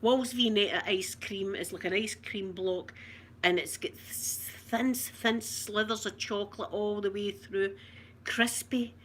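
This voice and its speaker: A woman's voice: mid-range voice, fairly even intonation, a little slow, a little hiss or hum. A woman with a Glaswegian Scottish accent, hosting a casual, playful chat with her viewers and giggling often. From Scotland. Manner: chatty, giggly, broad and playful. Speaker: ASMR channel host chatting with viewers.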